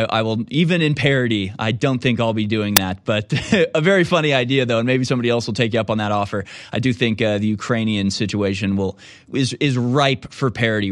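A man's voice: medium pitch, no echo, studio quality. A man hosting a call-in show, chatting with callers in a joking, rambling way full of restarts. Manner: joking, quick riffs, trails off into restarts. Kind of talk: casual call-in talk.

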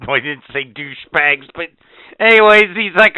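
A man's voice: high-pitched, sing-song, normal speed, sharp tone, clear, resonant tone, no echo. A man telling an indignant, profane story in casual podcast chat. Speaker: podcast co-host. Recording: tinny phone-like sound.

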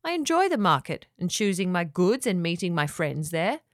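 Kobieta grająca zirytowanego młodego mężczyznę. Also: female voice, fairly low pitch, very animated, normal speed, no echo, clean studio sound. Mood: annoyed. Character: cross young man, blunt and annoyed.

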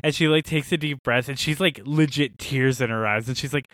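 A young man co-hosting a podcast, swinging into lively, laughing storytelling as he acts out what people said. His voice sits in an ordinary middle pitch and sounds close and dry, with no room around it. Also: brisk, dry recording. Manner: animated storyteller, laughs often. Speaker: podcast co-host. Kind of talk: casual chat.

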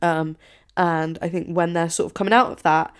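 Young girl just chatting, lotta "like"s, kinda low voice. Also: fairly even intonation, moderate pace, smooth. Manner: rambling, heavy use of "like", acts out quotes in a higher voice. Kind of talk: casual confessional chat.

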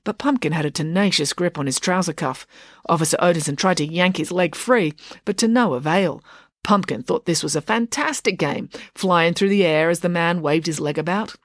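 A woman's voice: lowish voice, moderate pace, no room sound, studio quality. A woman narrating a children's story as an audiobook, in a playful and wry storytelling manner.

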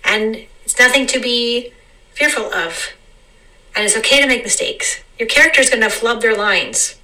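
Bright-voiced woman musing off the cuff. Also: fairly high pitch, distant mic, poor audio. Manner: meandering, repeats phrases, slows down to stress words. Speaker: vlogger. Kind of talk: unscripted reflective monologue.

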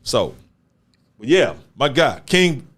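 A man's voice: mid-range voice, very animated, extremely slow, a bit bright. A man hosting a casual talk show, speaking emphatically in street slang and repeating words for stress. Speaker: show host. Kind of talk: casual chat.

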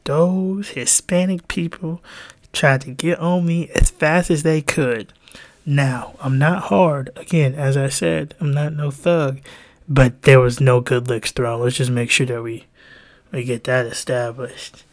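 A young man co-hosting a podcast, telling stories in a casual, animated way, swearing freely and laughing as he goes. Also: medium pitch, a little slow. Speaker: podcast co-host. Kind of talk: casual storytelling.

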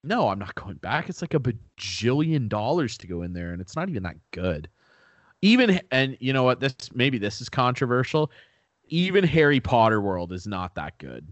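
Young man, podcast co-host, animated, very lively pitch, dry recording. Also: moderate pace, dry recording. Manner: animated, swearing, lots of "like" and "dude". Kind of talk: casual chat.

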